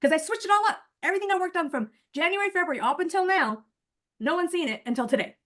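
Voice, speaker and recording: A woman in her forties, a nurse coach, chatting in an animated way straight to her listeners on a video call before rehearsing a speech. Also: extremely high pitch, fast. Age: 40s. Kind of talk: casual chat, then rehearsing a speech.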